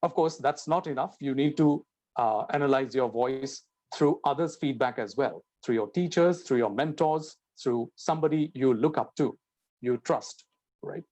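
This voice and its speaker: A man's voice: medium pitch, normal speed, warm tone. A man giving a spoken English lesson, explaining and acting out example sentences with changing intonation and stress. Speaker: teacher.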